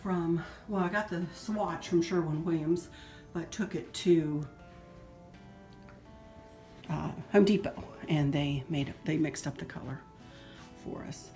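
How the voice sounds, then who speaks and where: A middle-aged woman giving a chatty, sentimental home decor tour with soft laughs. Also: low voice, slow, pauses often. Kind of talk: casual home tour narration. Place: indoors in a house. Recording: roomy echo, faint music.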